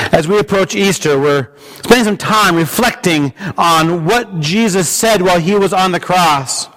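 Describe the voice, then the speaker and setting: A male pastor preaching a sermon in an earnest, measured way, with small restarts. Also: high-pitched, fairly bright tone.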